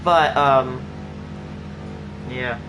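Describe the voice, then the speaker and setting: A man talks very slowly in a steady, mid-range voice, chatting casually while he plays a game on stream. The chat rambles with plenty of "like" and restarts, and background music is clearly audible.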